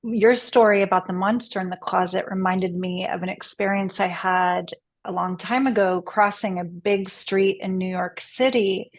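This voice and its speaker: A woman guest in a spiritual conversation, speaking gently and reflectively. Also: medium pitch.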